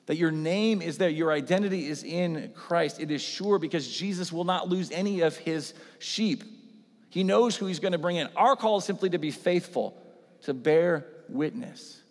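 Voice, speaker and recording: A man's voice: on the high side, moderate pace. A man, a pastor, preaching a sermon in a conversational way, often checking in with the congregation. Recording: echoey hall reverb.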